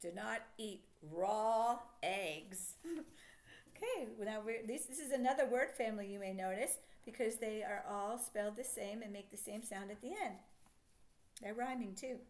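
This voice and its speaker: A woman teaching a children's phonics lesson, sounding out letters slowly and praising the listener. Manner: slow, sing-song teacher voice with stretched sounds and lively pitch.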